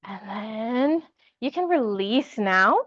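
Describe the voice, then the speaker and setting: A woman's voice: a little high, slow, no echo, muffled recording. Woman guiding a yoga class. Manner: encouraging, light laughs, calm cues. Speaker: yoga teacher. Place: yoga studio with music.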